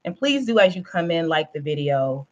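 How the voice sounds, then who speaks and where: A woman's voice: deep voice, very animated, normal speed, lo-fi sound. Chatty woman live-streaming to viewers. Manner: chatty and rambling, with many fillers and restarts; laughs often while talking. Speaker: YouTuber hosting a live stream.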